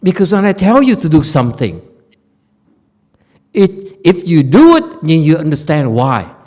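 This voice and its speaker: A man's voice: a little high, huge pitch swings, unhurried, a little mellow. A male Buddhist teacher giving an informal Dharma lecture in a meditation center hall, speaking bluntly and scolding, repeating words for emphasis.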